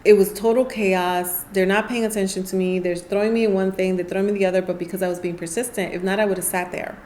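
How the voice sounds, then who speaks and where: Woman guest chatting on a podcast, lively storyteller, does the voices, bit of hiss behind her. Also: mid-range voice, fast. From New York City. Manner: animated storyteller, acts out quoted voices. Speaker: podcast guest, nonprofit founder. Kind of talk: casual interview storytelling.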